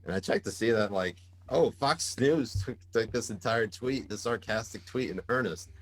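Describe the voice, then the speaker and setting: Deep-voiced man telling a lively story. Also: normal speed. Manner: animated, laughing storyteller with many fillers. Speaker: podcast guest, journalist. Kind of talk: casual storytelling in a podcast interview.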